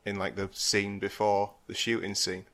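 A man co-hosting a podcast in casual film chat, talking hesitantly with many pauses and trailing phrases. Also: lowish voice, monotone, a bit bright. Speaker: podcast co-host.

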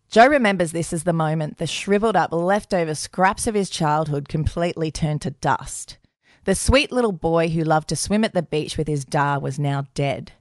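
A woman's voice: deep voice, dry recording. A woman co-hosting a podcast, narrating a true-crime story in a dry, matter-of-fact way. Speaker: podcast co-host.

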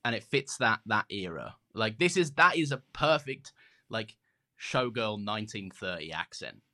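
Lively, bright-voiced male podcast host. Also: on the low side. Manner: animated, quick, laughs easily. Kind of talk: casual chat.

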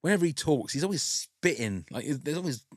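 A man's voice: fairly high pitch, expressive, brisk, dry recording, studio quality. A man hosting a casual podcast chat, talking in a rambling, chatty way that often breaks off mid-thought. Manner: rambling, self-interrupting, chatty. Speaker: podcast host.

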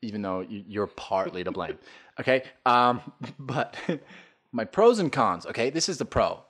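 Joking male podcast co-host with a lively, bright voice who swears freely. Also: medium pitch, unhurried. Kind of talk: casual chat. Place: apartment.

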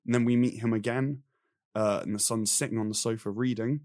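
A young man in casual chat, reviewing a film from his notes with animated, exasperated ranting and mocking voices for the characters. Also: mid-range voice, fairly quick, no echo, studio quality. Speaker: film review podcast co-host.

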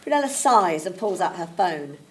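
A woman's voice: lowish voice, sing-song, normal speed. A woman reading a script's stage directions in a plain, matter-of-fact way. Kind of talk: script read-through.

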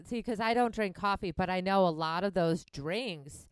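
A woman's voice: on the low side, moderate pace, very noisy. A young woman comedian from Wisconsin with a Wisconsin accent, chatting casually, laughing often and joking crudely. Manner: laughs often, bawdy jokes. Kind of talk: casual podcast chat.

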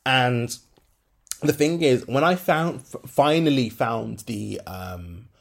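A man's voice: mid-range voice, slow pace, creaky. A young adult man, hosting a solo podcast and talking candidly in slangy speech with many fillers. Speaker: podcast host.

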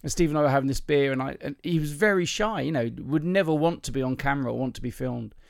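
A man who works as a comedian, chatting casually on a podcast and acting out jokes with lively, sing-song voices. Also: fairly high pitch, quick pace, creaky, no room sound, clean studio sound. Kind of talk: casual chat and joke telling.

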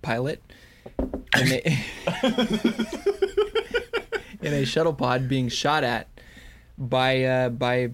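A man's voice: medium pitch, a bit bright, slight background noise. A man co-hosting a fan podcast, recapping an episode in a rambling, joking way. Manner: rambling, crude jokes, halting restarts. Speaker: podcast co-host. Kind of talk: casual chat, episode recap.

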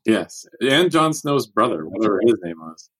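A man's voice: fairly low pitch, sing-song, moderate pace, a bit bright, slightly rough, dry recording, poor audio. A man who is a novelist, chatting as a podcast guest in a dry, understated way. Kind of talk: casual chat.

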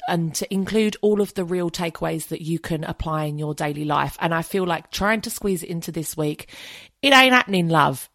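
A woman's voice: on the low side, no echo, studio quality. A woman hosting her own podcast in a casual solo chat, frank and chatty, swearing freely. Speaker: podcast host.

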